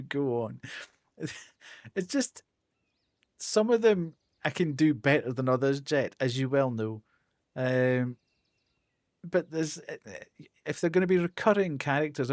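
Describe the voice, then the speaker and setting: A man's voice: medium pitch, a little slow, darkish tone, dry recording, clean studio sound. A Scottish man chatting casually as a live streamer, laughing often and self-deprecating.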